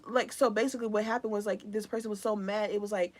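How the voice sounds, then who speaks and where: A woman's voice: mid-range voice, fairly even intonation, fast talker, few pauses. A young woman giving a live collective tarot reading in a casual, rambling, slangy way. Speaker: tarot reader.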